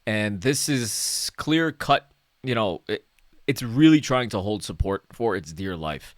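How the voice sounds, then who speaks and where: A man's voice: on the low side, animated, a little slow, no room sound. Chatty man with a dry close sound. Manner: chatty, self-mocking, repeats "okay" and "right". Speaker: stock market analyst. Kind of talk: casual chart commentary.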